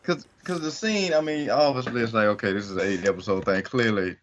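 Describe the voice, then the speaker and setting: Relaxed podcast guy on a dull mic. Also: mid-range voice, a little fast, a little hiss or hum. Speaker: podcast co-host. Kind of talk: casual chat.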